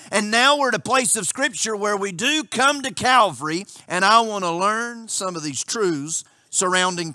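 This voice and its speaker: Bright, high-voiced male preacher. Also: no room sound, studio quality. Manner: impassioned preaching with rhetorical questions. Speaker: pastor. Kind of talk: sermon.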